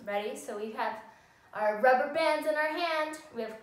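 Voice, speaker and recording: A woman's voice: high-pitched, moderate pace. A woman teaching young children how to write sentences, speaking in a patient, sing-song way. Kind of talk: recorded classroom lesson for young children. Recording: echoey room, voice from a distance.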